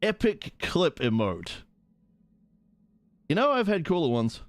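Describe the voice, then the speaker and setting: A man's voice: on the high side, huge pitch swings, takes it slowly, dry recording. A man streaming live, chatting casually and playfully, giggling and goofing around with silly pronunciations. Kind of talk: casual livestream chat.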